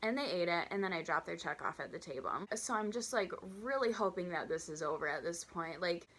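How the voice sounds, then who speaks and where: A woman in her twenties telling a storytime vlog, chatty and animated, acting out customers and her own waitress voice. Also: lowish voice, fairly quick. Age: 20s. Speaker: vlogger.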